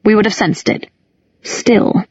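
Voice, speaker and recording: A self-assured young man who speaks in short, cool statements, read by a woman narrator. The tone is husky and breathy. The audio is dry and slightly muffled. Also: mid-range voice, takes it slowly, no room sound. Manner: clipped and coolly assured.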